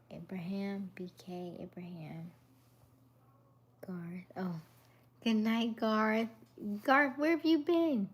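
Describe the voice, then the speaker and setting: A woman hosting a casual evening livestream, greeting viewers by name and chatting about relationships in a soft, often half-whispered voice. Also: on the low side, a little hiss or hum. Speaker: livestream host. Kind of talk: casual live chat reading viewer comments.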